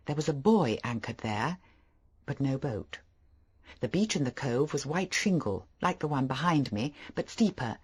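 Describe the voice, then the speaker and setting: A narrator reading a first-person novel aloud, expressive and measured. The voice is breathy and husky, and its pitch moves freely through each sentence. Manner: expressive storytelling delivery. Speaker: audiobook narrator.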